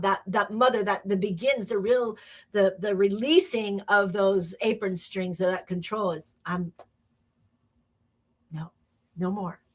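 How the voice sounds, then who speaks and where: A woman's voice: medium pitch, sharp tone. A middle-aged woman hosting a casual spiritual talk, rambling with restarts and acting out quotes. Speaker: host.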